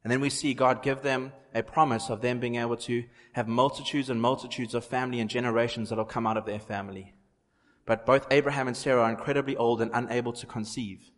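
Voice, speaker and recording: A man's voice: mid-range voice, fairly even intonation, fast talker. Earnest male preacher in reverberant hall. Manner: earnest, repeats phrases for emphasis. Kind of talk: sermon.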